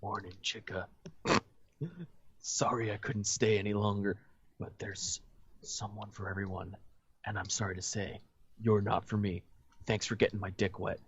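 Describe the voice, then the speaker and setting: A man's voice: lowish voice, steady tone, unhurried, long pauses, husky, muffled recording, voice pushed down. A man reading as a smug young womanizer. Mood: smug, hushed.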